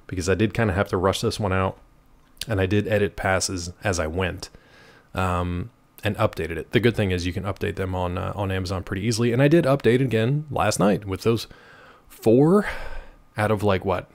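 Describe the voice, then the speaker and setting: A male livestream host chatting casually from home, playful and animated, jumping between high and low pitch. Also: moderate pace. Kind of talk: casual chat while gaming.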